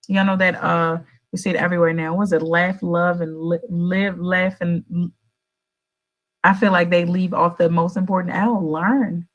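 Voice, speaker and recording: Animated chatty woman radio host. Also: lowish voice, normal speed, muffled recording. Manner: animated and chatty, swooping up for emphasis; addresses listeners directly and affectionately. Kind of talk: casual motivational monologue.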